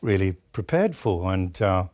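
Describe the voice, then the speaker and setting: A Welsh-born man speaking as a studio guest in a broadcast interview, telling a story with many pauses and fillers. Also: deep voice, sing-song, darkish tone. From Wales.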